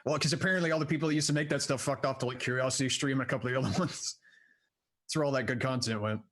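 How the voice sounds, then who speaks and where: A man speaks quickly in a mid-range voice as a tabletop game player. He rambles and piles up fillers. His tone is loose and chatty. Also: mid-range voice, fairly even intonation, fairly bright tone. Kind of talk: casual chat at a tabletop game.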